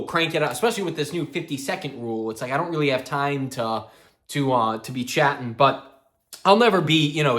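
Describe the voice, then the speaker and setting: A man's voice: a little high, a bit bright. A man talking in a loose, chatty vlog about metal and horror, laughing and swearing as he tells stories. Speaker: metal music vlogger. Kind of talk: casual rambling vlog.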